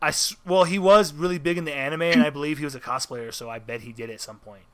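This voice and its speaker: A man co-hosting a casual podcast chat, an animated, profane storyteller who swings between loud and quiet. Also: a little high, quick pace. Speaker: podcast co-host telling a story.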